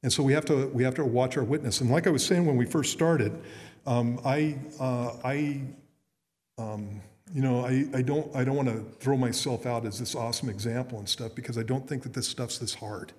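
A man's voice: mid-range voice, normal speed, a little mellow. A middle-aged man, a pastor, preaching earnestly in a conversational way with frequent restarts. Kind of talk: sermon. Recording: long reverb in a hall.

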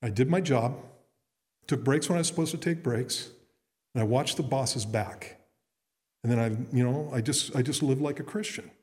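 Middle-aged pastor preaching in a reverberant hall. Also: male voice, medium pitch, normal speed, darkish tone. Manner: earnest, conversational, with frequent restarts. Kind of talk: sermon.

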